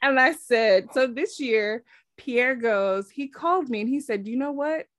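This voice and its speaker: A woman's voice: on the high side, measured pace, no room sound, studio quality. A woman hosting a podcast in casual chat, telling stories with lots of laughter and acted-out quotes. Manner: animated storyteller, laughs often, acts out quotes. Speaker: podcast host.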